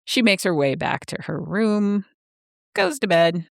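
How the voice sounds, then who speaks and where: A woman's voice: on the low side, measured pace, gravelly, no room sound. A woman co-hosting a podcast, recapping a plot in laid-back, dry chat. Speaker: podcast co-host. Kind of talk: casual book-club chat, recapping a plot.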